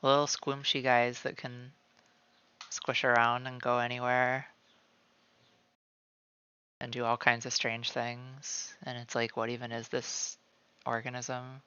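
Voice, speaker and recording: A man's voice: mid-range voice, completely flat delivery, slow pace, pauses often, sharp tone, smooth, highs cut off. A man streaming from home while he draws, rambling casually with lots of "like" and calling himself by name in the third person. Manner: rambling, many "like" fillers. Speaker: streamer drawing live. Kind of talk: casual chat while drawing. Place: at home, cat nearby.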